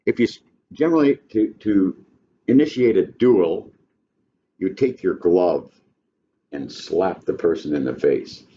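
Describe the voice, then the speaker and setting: An older man lecturing a class on a play in a folksy, halting way, with frequent restarts. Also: deep voice, lively intonation. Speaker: literature teacher. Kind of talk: classroom lecture with read-aloud passages. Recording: dull lo-fi classroom recording with faint noise.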